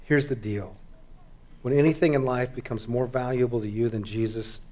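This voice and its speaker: A middle-aged male pastor preaching a sermon, moving from hushed, quiet stretches to loud, fervent exhortation. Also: medium pitch, steady tone, moderate pace.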